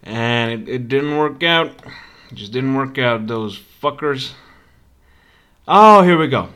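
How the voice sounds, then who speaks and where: A man's voice: medium pitch, lively intonation, slow pace, pushed and bright, clean tone. Podcast host, male, casual rant, swears a lot, stumbles over his words. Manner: profane, rambling, stammering restarts. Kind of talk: ranting casual monologue.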